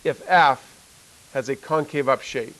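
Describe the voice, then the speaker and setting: A man's voice: medium pitch, unhurried, a bit bright, poor audio. A middle-aged man, a math teacher, telling a story in a classroom, rambling with lots of fillers and frequent laughs. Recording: faint hiss.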